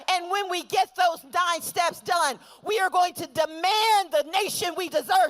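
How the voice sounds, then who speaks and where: High-voiced woman giving a rousing rally speech. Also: unhurried, hardly any pauses, a faint crowd, slight background noise, low-quality recording. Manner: rousing, building to shouted chants. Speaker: rally speaker. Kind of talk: political rally speech with call-and-response.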